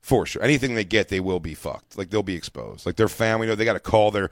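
A man's voice: on the low side, quick pace, no echo, studio quality. A man co-hosting a casual radio talk show, riffing crudely and laughing often. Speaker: co-host.

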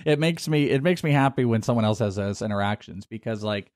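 A man's voice: on the low side, a little fast, a little mellow, no echo. A man co-hosting a podcast in casual chat, making dry, teasing asides. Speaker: podcast co-host.

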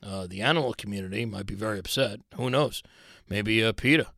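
Guy doing a deadpan boss, low and flat, lots of uhs, scolding slow. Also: vocal fry, no room sound, studio quality. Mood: mock stern. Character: stern deadpan male boss writing a memo.

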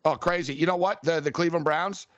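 Man co-hosting a sports talk show, excitable and animated, slightly high voice on a dry mic. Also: quick pace, no room sound, lo-fi sound.

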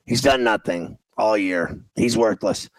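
A man's voice: on the low side, a little slow, dry recording, low-quality recording. A man hosting a sports talk show, ranting in exasperation about a game as he watches it and repeating himself. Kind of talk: casual sports radio chat while watching a game.

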